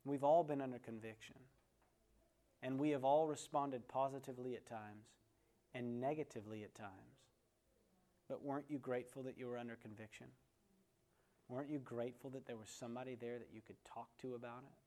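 A man at a middle pitch teaches a Bible lesson in a relaxed, conversational way. He tells a story, then turns to the class with questions and calls on listeners by name. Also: a little fast.

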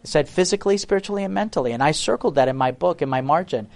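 This is a man giving a preaching testimony, his voice sitting a little higher than most men's. He speaks earnestly and with emphasis, often turning to the listeners with rhetorical questions. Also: expressive, rapid-fire, vocal fry.

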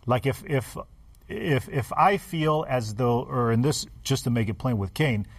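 A man co-hosting a Bible study discussion, explaining points deliberately like a teacher. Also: medium pitch, gravelly, no room sound, studio quality. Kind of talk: casual group discussion.

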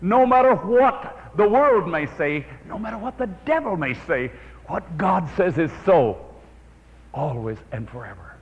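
Animated preacher telling stories. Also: male voice, sits high, a little slow. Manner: animated storyteller, prays aloud. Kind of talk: evangelistic sermon with storytelling. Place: church or meeting hall with an audience. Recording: dull old recording in a reverberant hall.

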